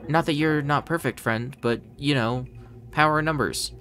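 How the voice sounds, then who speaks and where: A man's voice: medium pitch, moderate pace, pushed and bright, slight background noise. A man playing through a horror game, talking to the characters on screen, yelping and swearing at each scare. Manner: jumpy, yelps and swears, talks to the game characters. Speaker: let's play gamer.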